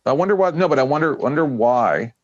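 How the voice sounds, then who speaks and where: A man's voice: mid-range voice, expressive, brisk, no room sound. Guy hosting a stream chat, sarcastic, kinda muffled dull audio. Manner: wry, sarcastic questioning. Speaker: host. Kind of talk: casual political chat.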